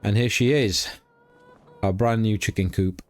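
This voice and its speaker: Easygoing man, lowish voice. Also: steady tone, a little slow, darkish tone. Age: middle-aged. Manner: easygoing, chatty, thinks aloud. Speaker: let's play host. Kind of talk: casual game commentary.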